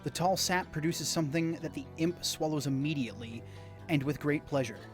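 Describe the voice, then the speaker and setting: A man's voice: a little high, fairly even intonation, brisk, faint music behind. A man streaming a video game, reading its text aloud and chatting casually with rambling asides to viewers. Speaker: gaming streamer.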